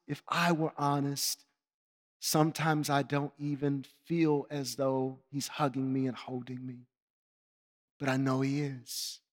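Passionate high-voiced preacher in a reverberant hall. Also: male voice. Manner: passionate, swings between shouting and quiet reflection. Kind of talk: sermon.

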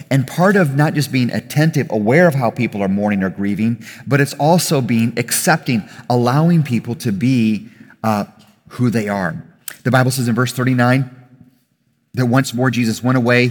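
A male pastor with a mid-range voice delivers a conversational sermon to a congregation, growing louder and more emphatic as he makes his points and correcting himself along the way. He's in a church hall with an audience, and the recording is reverberant.

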